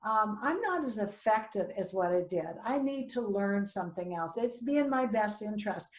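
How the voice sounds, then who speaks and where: Animated storytelling woman in an echoey room. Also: medium pitch, moderate pace. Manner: animated, self-quoting, restarts mid-sentence. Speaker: co-host. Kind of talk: personal storytelling. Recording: roomy echo.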